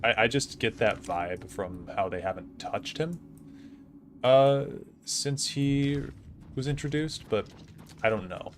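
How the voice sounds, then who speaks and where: While gaming on a stream, a man in his thirties tells stories casually, rambling with plenty of fillers and restarts. He has a mid-range voice and takes it slowly. There's a slight hiss or hum in the recording.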